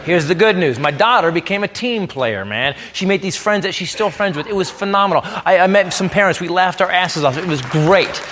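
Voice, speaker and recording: On a comedy club stage in front of a live audience, a man rants through a stand-up routine with exasperated, mock-patriotic flair. His high-pitched voice is lively and brisk with hardly any pauses, while crowd noise, background noise, and loud laughter fill the live recording.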